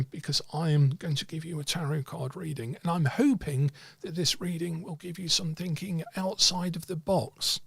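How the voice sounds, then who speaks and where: A man's voice: fairly high pitch, creaky, a bit bright, breathy edge, dry recording. A man teaching tarot reading in a livestreamed talk, thoughtful and hesitant, with many fillers and restarts.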